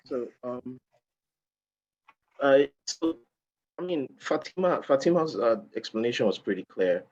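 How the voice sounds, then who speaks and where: A man on a webinar panel who speaks haltingly as he starts to answer. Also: mid-range voice, very animated, darkish tone, highs cut off. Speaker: panelist, former finalist.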